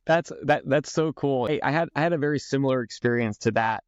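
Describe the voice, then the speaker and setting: A man's voice: mid-range voice, fairly quick, smooth, dry recording, muffled recording. A man hosting a golf podcast, telling stories with enthusiasm and stumbling over repeated words. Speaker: podcast host and golf coach. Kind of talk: casual podcast conversation.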